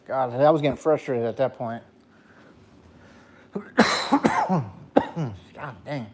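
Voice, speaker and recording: A man's voice: steady tone, slow pace, darkish tone. A man, a gaming streamer, telling a long personal story in casual late-night talk, rambling and profane, with a dry throat. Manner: profane, rambling, jumps to high voice when quoting.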